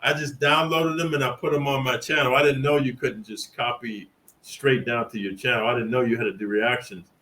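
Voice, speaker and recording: A man's voice: mid-range voice, fairly even intonation, a little fast, pushed and bright, rough recording. A middle-aged man from California telling prison stories in a boastful, rambling, streetwise monologue. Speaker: prison storyteller. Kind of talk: casual profane monologue.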